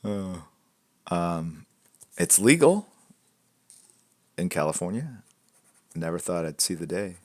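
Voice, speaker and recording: A man hosting a live drawing stream, chatting in a relaxed, rambling way and answering viewer questions, often dropping to a soft mutter. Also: deep voice, slow, pauses often. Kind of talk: casual chat with viewers while drawing.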